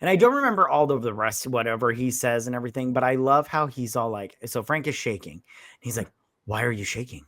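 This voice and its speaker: A man's voice: mid-range voice, expressive, fast, fairly bright tone, no room sound. A man co-hosting a casual movie review, retelling scenes and mimicking characters' lines. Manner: retells scenes, quoting characters in mock voices. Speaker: podcast co-host.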